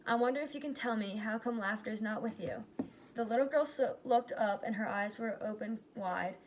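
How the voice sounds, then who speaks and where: A woman reading a rhyming picture book aloud, giving its characters lively but plain voices. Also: on the high side, moderate pace, slight background noise. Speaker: reader.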